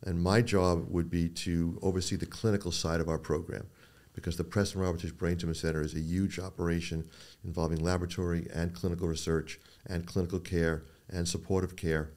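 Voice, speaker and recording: A man's voice: deep voice, brisk. An older man, a doctor being interviewed on a podcast, telling stories and acting out the people in them. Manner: storytelling, quotes people in animated voices. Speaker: neuro-oncologist guest.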